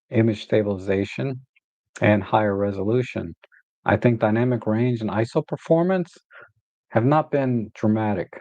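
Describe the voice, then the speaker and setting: A man's voice: on the low side, a little mellow, no echo, muffled recording. A man hosting a casual photography livestream, rambling with many fillers and restarts. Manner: rambling, many fillers and restarts, baby talk to his dog. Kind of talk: casual live-stream chat.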